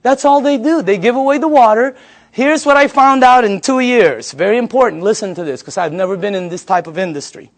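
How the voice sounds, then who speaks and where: A man in his fifties giving a sales pitch to a live audience. He tells stories in an animated way and repeats the audience's answers back to them. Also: fairly quick. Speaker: sales presenter.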